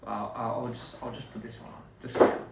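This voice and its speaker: A young man chatting casually with viewers on a livestream, relaxed and halting, with lots of fillers and restarts. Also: medium pitch, gravelly. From Australia. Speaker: livestream host. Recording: roomy echo, distant mic, faint noise.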